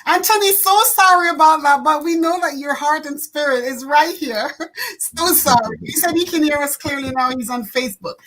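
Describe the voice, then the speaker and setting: A woman hosting an online talk show, speaking earnestly and warmly, repeating words and laughing often. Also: high-pitched, normal speed, slight background noise, rough recording. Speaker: host.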